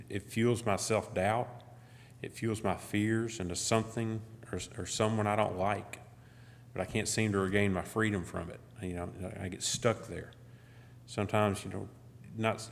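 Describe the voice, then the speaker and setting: A man's voice: lowish voice, gravelly, slight background noise. A middle-aged man giving a conversational sermon as guest speaker, full of "you know" and restarts. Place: church. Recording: long church hall reverb.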